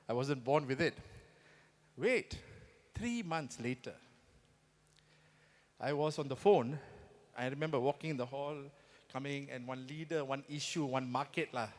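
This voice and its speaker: A man's voice: medium pitch, measured pace, long pauses. A man from Singapore with a Singaporean English accent, giving a motivational stage talk and constantly asking the audience to agree with him. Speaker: motivational speaker. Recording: long reverb of a big hall.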